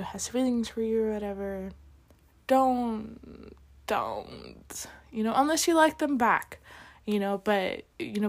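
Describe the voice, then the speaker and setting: A young woman vlogging casually, retelling a story with lots of quoted dialogue and filler words. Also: mid-range voice.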